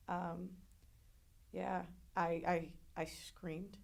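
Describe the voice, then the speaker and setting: A woman telling a painful personal story in an interview, emotional and halting, with frequent restarts. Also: mid-range voice, steady tone, vocal fry. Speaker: interview guest.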